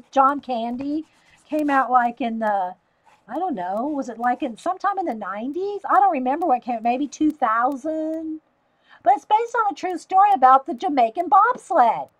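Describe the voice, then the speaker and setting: A woman with a Southern US accent, chatting on a livestream, her voice sitting a little high for a woman. She talks easily to her viewers and laughs often while she sketches. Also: expressive, moderate pace, low-quality recording. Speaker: livestream host. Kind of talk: casual live-stream chat while drawing.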